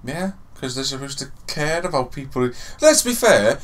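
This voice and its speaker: A man's voice: medium pitch, big pitch swings, moderate pace. A young man co-hosting a podcast in casual, jokey banter, swearing and slipping into put-on voices. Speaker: podcast co-host.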